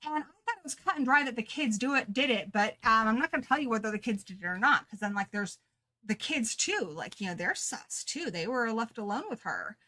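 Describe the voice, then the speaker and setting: Chatty woman gushing about a book, bright tone, kinda high voice. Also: a little fast. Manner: chatty, animated, laughs at herself. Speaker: book club co-host. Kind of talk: casual book chat.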